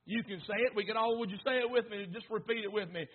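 Man, preacher, very high voice, tinny phone-like sound, fervent and repetitive, hushed to shouting. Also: quick pace, husky. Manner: fervent preaching, swings from near-whispers to shouts; rhythmic repetition, asks congregation to repeat. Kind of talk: sermon.

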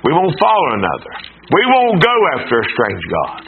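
A man's voice: fairly high pitch, huge pitch swings, a little fast, vocal fry. Preacher guy, voice swoops way up and down, keeps asking the church questions, sounds like an old phone-line broadcast with a bit of hiss. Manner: rising and falling preaching cadence, rhetorical questions to the congregation. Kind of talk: sermon. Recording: tinny phone-like broadcast sound with faint noise.

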